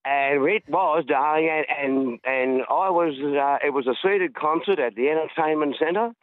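A man's voice: fairly high pitch, normal speed, no echo. Australian man, radio caller, exuberant matey storyteller, tinny phone line. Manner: exuberant, matey storyteller who acts out quotes. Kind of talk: casual radio call-in storytelling.

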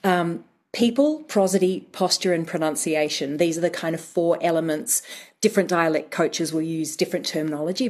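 A woman's voice: on the low side, a little mellow. A woman working as a dialect coach, explaining methodically on a radio talk show.

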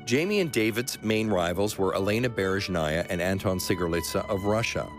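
Male radio documentary host and narrator, low-pitched, faint music underneath. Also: expressive, a little fast. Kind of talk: scripted documentary narration and interviewing.

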